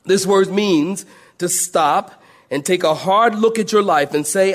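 High-voiced preacher telling folksy stories. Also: male voice, unhurried. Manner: folksy storytelling preacher, acts out moaning church ladies; repeats words and restarts with many fillers. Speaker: pastor. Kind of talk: sermon.

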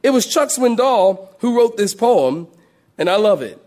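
A middle-aged man, a pastor, preaching a sermon as an animated storyteller who drops low and soft, then rises loud and high. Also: a little slow.

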